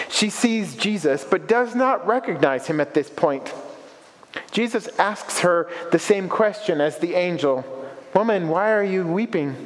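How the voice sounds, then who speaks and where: A man preaching a reflective sermon, asking rhetorical questions as he walks through a scripture passage. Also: sits high. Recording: long reverberant echo.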